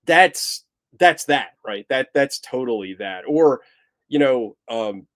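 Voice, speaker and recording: Casual male podcast co-host, mid-pitch voice, rambly and animated delivery. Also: slow, dry recording. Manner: rambly, self-interrupting, animated. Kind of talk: casual film review chat.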